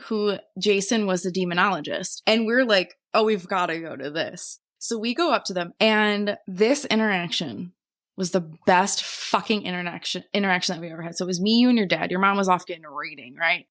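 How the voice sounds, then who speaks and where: Lady cohost telling stories all excited, cusses a lot, acts out the quotes. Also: mid-range voice, brisk. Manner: animated storyteller, swears freely, acts out quotes. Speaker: podcast co-host. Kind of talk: casual chat.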